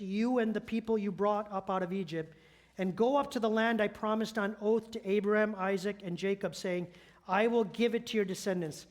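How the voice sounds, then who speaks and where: A middle-aged man, a church elder, preaching a sermon in an earnest storytelling manner and sometimes correcting himself mid-sentence. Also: high voice.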